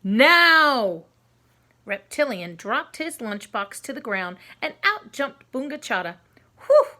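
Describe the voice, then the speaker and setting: A woman reading a children's story aloud, expressive, sometimes adding hushed asides to the listeners. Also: on the high side, measured pace.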